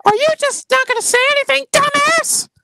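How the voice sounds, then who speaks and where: A man putting on a very high, squeaky cartoon mouse voice, brash and foul-mouthed, in a comic impression on a live stream. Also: a little fast, gravelly, sharp tone, full character voice. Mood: squeaky taunting. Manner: brash and profane.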